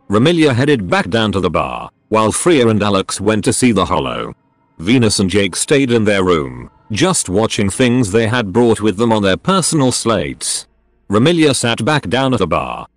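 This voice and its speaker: A man's synthetic text-to-speech voice narrates a story in an even, unhurried reading. It sits low but moves around in pitch, recorded dry and close. Faint music plays behind it. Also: no room sound. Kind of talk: audiobook-style story reading.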